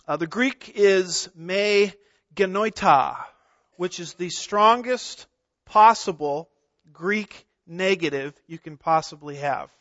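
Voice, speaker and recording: A man's voice: high-pitched, takes it slowly, a bit bright, no room sound. A middle-aged man preaching an expository sermon, emphatic, asking rhetorical questions and stressing single words. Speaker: pastor. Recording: dull lo-fi sound.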